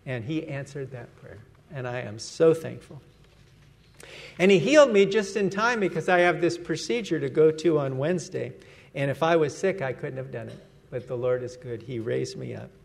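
A man's voice: fairly high pitch, creaky, a little mellow. A man preaching a sermon as pastor, earnest and emphatic, letting his voice fall at the end of each phrase.

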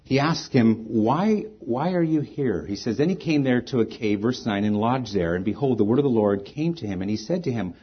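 A man's voice: mid-range voice, lively intonation, a little fast, slightly rough, dull audio. A man preaching a sermon as pastor, reading scripture aloud with rising emphasis and then speaking plainly to the congregation.

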